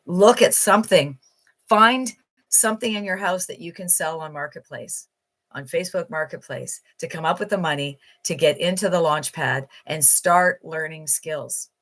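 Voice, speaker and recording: Enthusiastic woman giving a sales pitch. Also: normal speed, fairly bright tone. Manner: enthusiastic, emphatic, repetitive. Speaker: online marketing promoter.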